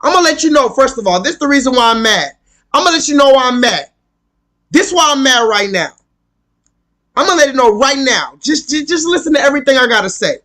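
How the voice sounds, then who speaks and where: A man with a strikingly high-pitched voice holds forth on a live stream. He rants with heat and plenty of swearing, hammering his points again and again. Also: very animated, a little fast, pushed and bright. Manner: heated, profane, emphatic, repeats himself. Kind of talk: ranting live stream monologue.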